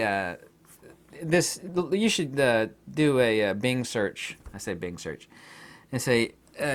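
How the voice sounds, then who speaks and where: A man hosting his own channel, talking in a rambling casual monologue, often laughing and acting out imagined exchanges. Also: mid-range voice. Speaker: YouTube channel host.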